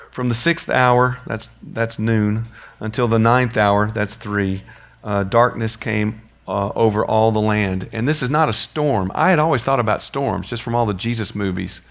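A low-voiced man with a gravelly edge leads a Bible study, talking it through in a loose, conversational way. He keeps pausing to check in with the people listening. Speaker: Bible teacher.

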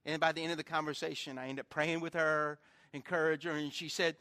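A male pastor delivers a sermon in a church, his voice a little high, level, fairly quick and sharp. He tells stories in a chatty, conversational way, poking fun at his own faults with self-deprecating humor.

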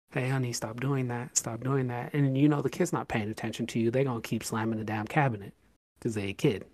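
A man at a mid pitch co-hosting a laid-back podcast, talking through his points in long stretches. He drives each point home with emphasis and acts out short bits of scolding. The recording sounds dry and close, with little room sound. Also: a little mellow, no echo. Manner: explains at length with hypothetical examples. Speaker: podcast co-host. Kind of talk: casual podcast chat.

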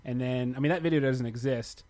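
A man's voice: mid-range voice, fairly quick, a little mellow. A man who runs a tech channel, talking in casual podcast chat and explaining things at length with plenty of fillers. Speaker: YouTube tech channel creator.

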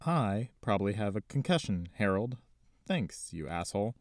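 A man's voice: fairly low pitch, big pitch swings, normal speed, no echo, clean studio sound. Man doing a brooding, vengeful schemer. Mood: menacing.

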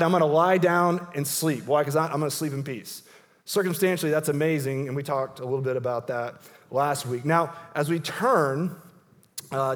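In a church sanctuary, a pastor preaches in an earnest, conversational way, often restarting his phrases. His voice is on the high side, followed by a long reverb tail.

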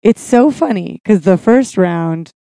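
A woman guest, a personal trainer, chatting casually, soft-spoken and giggly. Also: medium pitch, animated, measured pace, clear, resonant tone, no echo, studio quality. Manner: soft-spoken, giggly, self-described quiet. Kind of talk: casual chat.

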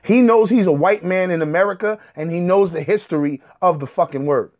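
A young male commentator with a high-pitched, slightly mellow voice talks fairly quickly, addressing his audience directly. His rant is heated, profane, and combative, rising to angry outbursts.

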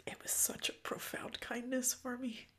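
A woman hosting a podcast, talking in a loose, candid, profane way about spiritual matters, with frequent ums and soft near-whispered stretches. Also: on the high side, fairly even intonation, moderate pace. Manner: often drops to a soft, breathy near-whisper. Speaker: podcast host. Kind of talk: casual spiritual reflection.

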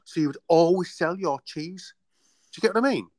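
A man's voice: fairly high pitch, a little fast, darkish tone, dry recording. A man hosting a casual chat, playful and rambling as he jokes with his guest. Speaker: host.

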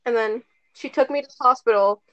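A teenage girl with a somewhat high voice chats through a story, stringing thoughts together with lots of "like" and the odd curse. The recording sounds dull and lo-fi. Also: fairly quick, a bit bright. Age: teens. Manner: rambling, lots of "like", casual swearing. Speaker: storyteller among friends. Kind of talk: casual chat.

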